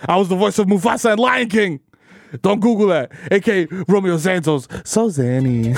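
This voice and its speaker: A man riffing and joking as a podcast co-host, in loose rapid-fire ad-libs. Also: sits high, vocal fry, faint music behind. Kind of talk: casual chat with comic riffing.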